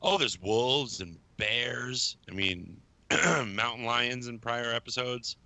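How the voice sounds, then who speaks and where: A man co-hosting a podcast in casual chat, talking in a relaxed, rambling way and repeating words. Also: mid-range voice, takes it slowly, dry recording. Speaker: podcast co-host.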